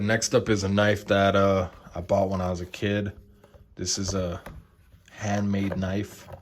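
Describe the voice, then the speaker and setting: A young man casually showing his knife collection, relaxed and enthusiastic, with lots of fillers. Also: sits low, slight background noise. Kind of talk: casual show-and-tell.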